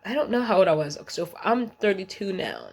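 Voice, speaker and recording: A woman's voice: medium pitch, sing-song, brisk, a little mellow, husky. A woman in her thirties telling a long story in a casual vlog, blunt, slangy and full of swearing, often rambling off track. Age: 30s. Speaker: vlogger.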